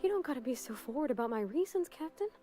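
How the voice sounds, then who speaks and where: A woman's voice: high voice, animated, quick pace, warm tone, faint music behind. A woman voicing a shy young country woman engineer in a video game, folksy and bashful. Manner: folksy rural speech, bashful and self-deprecating. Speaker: game character.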